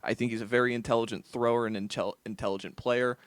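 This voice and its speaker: A man's voice: medium pitch, fairly even intonation, fast talker, clear, resonant tone, no echo. A man co-hosting a football podcast, chatting casually and loosely, often restarting his sentences. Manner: loose, conversational, many restarts. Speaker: co-host. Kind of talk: casual chat.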